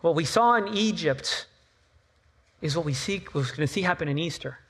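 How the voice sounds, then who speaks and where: A man with a high-pitched voice preaching a sermon at a church service. He talks in a loose, conversational way, repeating his points and tossing in playful asides. The sound rings with the long reverb of a large hall. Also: lively intonation, moderate pace, fairly bright tone, breathy edge. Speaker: pastor.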